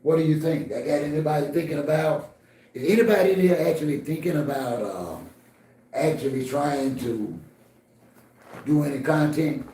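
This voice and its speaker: A man's voice: fairly high pitch, expressive, normal speed, warm tone, roomy sound. A man hosting a casual livestream, talking straight to his chat in a blunt, scolding, streetwise way. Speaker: livestream host.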